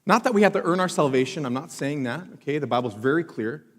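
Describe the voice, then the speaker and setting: Speaking to his congregation in a church sanctuary, a pastor delivers a conversational sermon full of questions for them. He has a slightly high, fairly bright voice with lively intonation and a quick pace, and the room sounds big.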